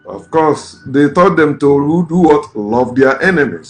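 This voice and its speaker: A man's voice: on the high side, animated, unhurried. A man, a vlogger giving ranting, scornful political commentary in a blunt way. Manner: blunt, scornful, repeats curses.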